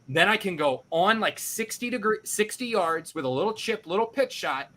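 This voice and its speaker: A male podcast host telling a casual, animated story, swearing freely and acting out his own reactions. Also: high-pitched, moderate pace.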